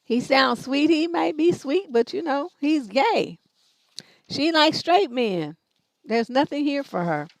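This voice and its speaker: The voice sits high and sounds animated, though the pace is slow, and there's no echo. It belongs to a middle-aged woman running a livestream relationship advice show, where she swears freely and tells stories bluntly and brashly.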